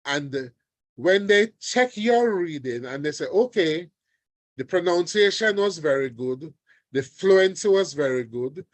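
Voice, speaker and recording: Slow, deliberate male teacher. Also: on the high side, expressive, no room sound. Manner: deliberate, often checks in with "all right?". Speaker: language teacher. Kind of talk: online exam revision lesson. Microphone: video call.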